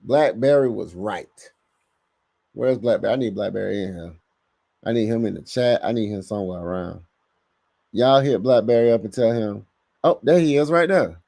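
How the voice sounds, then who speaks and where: A man hosting a casual live sports podcast, reading the chat aloud and talking back to it with lively bursts of emphasis. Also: on the low side, normal speed, vocal fry, no room sound, studio quality. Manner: animated, talks to chat, bursts of louder emphasis.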